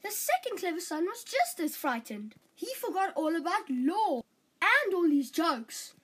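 A woman tells a children's fairytale with animated, expressive storytelling. Her voice sits very high and swoops lively through each sentence. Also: unhurried, poor audio.

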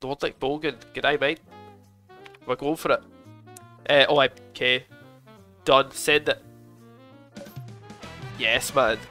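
A young man streaming a game show video game, chatting with his viewers, excitable and swearing a lot. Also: mid-range voice, takes it slowly, long pauses. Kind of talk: casual live gaming commentary. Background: game music.

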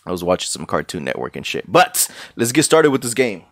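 Man, low voice, casual streamer chat, profane, greets viewers by name, dry close microphone. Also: wildly swooping pitch, fairly quick, dry recording. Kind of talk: casual chat while gaming.

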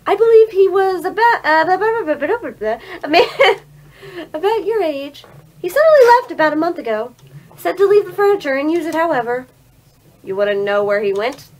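A high, rambling old landlady who stammers and wanders off mid-thought, as a woman puts her on. She chatters on in a creaky grandma manner over a homemade game recording. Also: big pitch swings, fairly quick. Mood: chatty.

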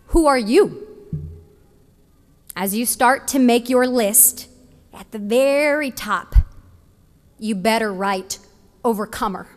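A young woman from Texas giving a passionate, emphatic commencement speech at a podium in a large venue. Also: a little high. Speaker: commencement speaker. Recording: long hall reverb.

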